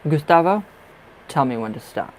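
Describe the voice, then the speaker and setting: A man's voice: on the high side, moderate pace, slight background noise, low-quality recording. Chatty man giving a live tarot reading. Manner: chatty and expressive, laughs often, talks straight to viewers. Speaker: tarot reader hosting a live stream. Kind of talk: casual live-stream chat with viewers.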